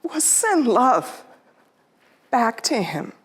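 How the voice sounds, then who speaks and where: Middle-aged woman, pitched a bit high, giving a heartfelt storytelling talk to a live audience. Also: big pitch swings, drawn-out words, breathy edge. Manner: heartfelt, quotes her own and her mother's words in her own voice. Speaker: speaker. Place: theater stage.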